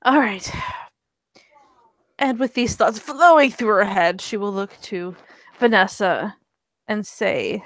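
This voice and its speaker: A woman's voice: mid-range voice, slow pace, long pauses, no room sound. A woman playing in a tabletop game, chatting enthusiastically and laughing often. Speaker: player. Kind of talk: casual tabletop game chat.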